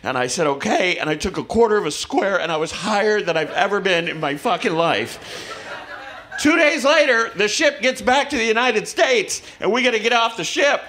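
A man doing a stand-up comedy set, telling stories in a halting, awkward way with deadpan self-mockery. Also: high voice. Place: comedy club stage with audience laughter.

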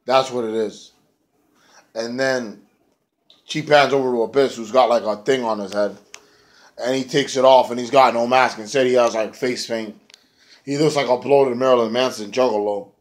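A man's voice: medium pitch, moderate pace. A man casually recapping a wrestling show, rambling and profane with lots of "like".

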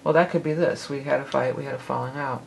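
A woman's voice: very deep voice, fairly even intonation, fast, creaky, slight background noise, low-quality recording. A woman giving a casual tarot forecast, rambling and correcting herself as she goes, with the odd laugh. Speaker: tarot reader.

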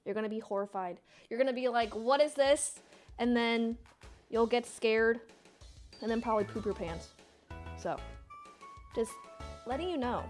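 A woman in her twenties, streaming and chatting casually as she reacts, given to loud embarrassed exclamations. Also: fairly high pitch, fairly even intonation, normal speed, faint music behind. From United States. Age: 20s. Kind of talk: casual chat reacting to old videos.

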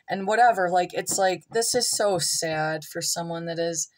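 A woman's voice: lowish voice, normal speed. A woman vlogging from home, reading a column aloud and breaking into rambling asides and comments to her pets. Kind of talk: casual reading with off-the-cuff commentary.

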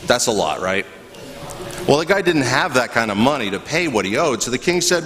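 A man, a pastor, giving a children's sermon in a church, telling a story with animated voices and asking the kids questions. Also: medium pitch, brisk. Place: church sanctuary. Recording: echoey church hall, faint ambience.

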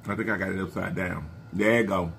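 A man's voice: low voice, steady tone, fairly quick, gravelly, a bit bright, a little hiss or hum. A man talking casually to his viewers while eating a seafood meal, chatty and murmuring between bites. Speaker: mukbang vlogger.

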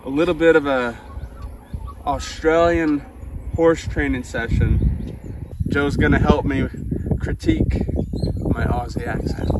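A horse trainer hosting a comic training demo, hamming up a mock Australian accent and slang. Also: male voice, mid-range voice, measured pace. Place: outdoors at a ranch. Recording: distant camera mic, loud outdoor noise.

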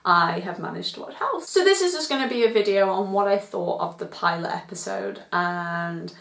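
A woman's voice: mid-range voice, lively intonation, normal speed, vocal fry, a bit bright, reverberant. A young woman from Britain chatting enthusiastically in a casual vlog review, laughing often. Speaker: TV review vlogger.

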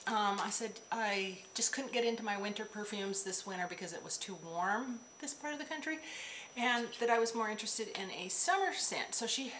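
A woman's voice: medium pitch, normal speed, background noise. Woman vlogger, casual chat, rambling, chatty, asides, showing items to camera.

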